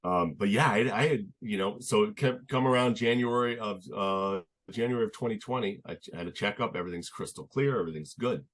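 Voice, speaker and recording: Young man, very low voice, earnest and halting, podcast guest, casual storytelling. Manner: earnest, halting, many restarts and "like".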